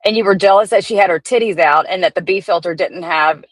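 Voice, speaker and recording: A woman's voice: lowish voice, fast talker, no echo, rough recording. A woman hosting a profane, chatty commentary stream. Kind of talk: casual gossip commentary.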